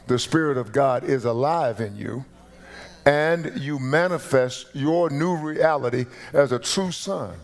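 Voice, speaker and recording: A man preaching a sermon from the pulpit, his voice sitting a little high for a man. He talks in a conversational way, then swells into loud, emphatic calls to the congregation. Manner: preaching with rising emphatic bursts. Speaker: pastor. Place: church sanctuary.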